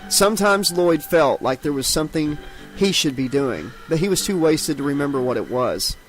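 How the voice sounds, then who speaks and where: A man's voice: a little high, animated, normal speed, rough recording. A man narrating an unabridged horror audiobook dramatically, giving each character its own voice.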